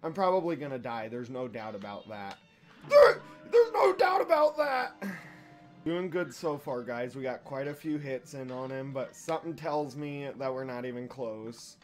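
A young man giving casual let's-play commentary, profane and excitable, trash-talking the boss and yelling when he wins or loses. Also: mid-range voice, moderate pace, hardly any pauses, soft background music. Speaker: gaming YouTuber.

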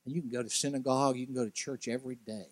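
A man preaching as a guest speaker at a church, telling a story with lively, animated delivery. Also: very fast, no echo. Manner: animated storytelling, acts out characters' quotes with big pitch jumps. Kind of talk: sermon.

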